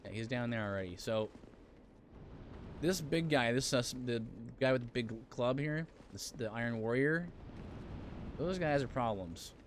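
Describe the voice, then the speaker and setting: A man streaming a game live, talking loosely with his chat in a mid-range voice, with lots of ums and quick asides. A clear layer of noise sits behind his voice throughout. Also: mid-range voice, expressive. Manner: chatty, reads and answers viewer chat, frequent fillers. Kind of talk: casual live-stream chat while playing.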